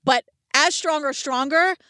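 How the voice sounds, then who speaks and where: A woman's voice: high-pitched, measured pace, a little hiss or hum. A woman co-hosting a podcast in casual chat, blunt and joking as she riffs. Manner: animated, blunt, riffing, joking. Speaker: podcast co-host.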